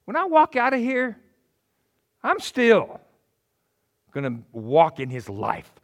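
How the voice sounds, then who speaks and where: A middle-aged male pastor preaching a sermon in an animated, joking way, acting out little voices. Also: sits high, takes it slowly. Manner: animated, jokey, acts out voices.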